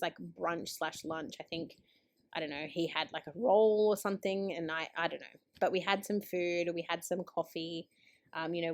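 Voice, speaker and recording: A woman's voice: fairly low pitch, darkish tone. A woman, chatting casually as a planner vlogger, full of "um" and "like". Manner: chatty, lots of fillers like 'um' and 'like'. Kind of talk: casual chat.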